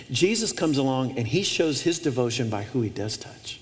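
A man's voice: mid-range voice, lively intonation, normal speed. A male pastor preaching a sermon, emphatic, with repeated phrases and restarts. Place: church auditorium. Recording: long reverb of a large hall.

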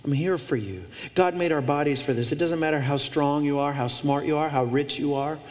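Male pastor, high-ish voice, emphatic sermon delivery full of repetition, big reverberant sanctuary. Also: steady tone, brisk. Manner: emphatic preaching with repeated phrases and restarts. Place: church auditorium. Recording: long reverb of a large hall.

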